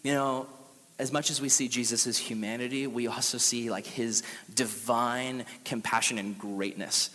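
Give me a young man preaching a lively sermon in a reverberant hall. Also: medium pitch, measured pace. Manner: casual and animated, acts out quotes. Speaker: youth pastor.

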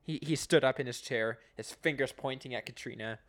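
A man's voice: mid-range voice, fairly quick. A young man co-hosting a podcast, recapping episodes in casual, laughing chat with many restarts.

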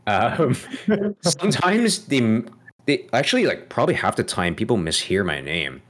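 A man's voice: medium pitch, very animated, moderate pace, fairly bright tone, a little hiss or hum. A man hosting a podcast, asking playful questions and laughing often in a casual chat. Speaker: podcast host.

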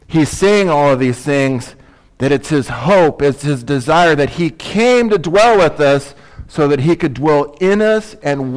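A man preaching a sermon as pastor, conversational and emphatic, with asides and rhetorical questions. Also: medium pitch.

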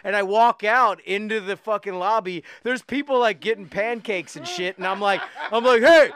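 A man telling a wild story in casual podcast chat, profane and animated, acting out the quotes with big swings of voice. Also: high-pitched, normal speed.

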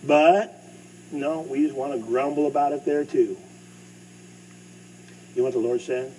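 A middle-aged man preaching a sermon as pastor, swinging between loud bursts and hushed asides. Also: medium pitch, fairly even intonation, a little slow. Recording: distant mic with faint hum.

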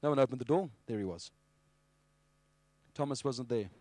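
A man preaching a sermon with animated storytelling. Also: mid-range voice, moderate pace, no room sound. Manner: animated storytelling, acting out scenes.

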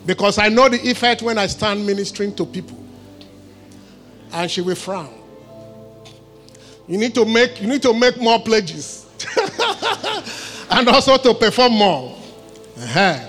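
High, bright-voiced male pastor preaching. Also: very animated, measured pace, pauses often, faint music behind. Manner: emphatic preaching with call-and-response questions; laughs and jokes between points. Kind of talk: sermon. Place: church service.

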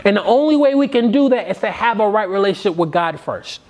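High, lively-voiced man preaching. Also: fast talker. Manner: emphatic, repetitive preaching cadence. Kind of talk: sermon.

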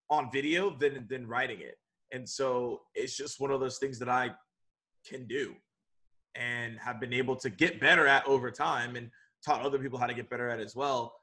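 A man as an interview guest, telling stories in an energetic, animated way. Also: mid-range voice. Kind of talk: conversational interview.

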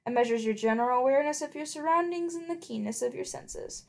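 A woman's voice: sits high, fast, gravelly. A woman playing a tabletop game, talking in a casual, joking, chatty way. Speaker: player.

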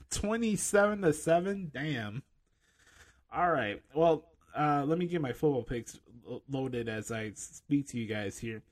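Sarcastic high-voiced male podcast host. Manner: sarcastic, mocking. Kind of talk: casual opinion rant.

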